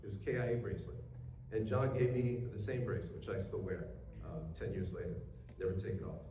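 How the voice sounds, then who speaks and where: A man's voice: lowish voice, steady tone, fast, mellow, a little hiss or hum. A man giving an earnest keynote speech at a ceremony, telling a personal story with occasional fillers. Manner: earnest storytelling, quoting others, hesitant fillers. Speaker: keynote speaker. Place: courthouse event room. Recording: echoey room from a distance with faint ambience.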